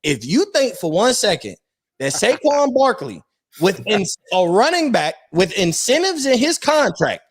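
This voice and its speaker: Slangy, animated male co-host, high voice, dry close mic. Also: unhurried, husky, no echo. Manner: animated, slangy, addresses listeners as "bro". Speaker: podcast co-host. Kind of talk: casual sports chat.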